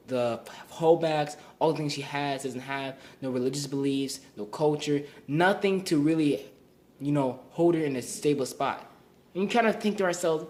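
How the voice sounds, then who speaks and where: A man's voice: fairly high pitch, noisy background. A young man giving a recorded class presentation, earnest and explanatory, often restarting and repeating words. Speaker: student presenter.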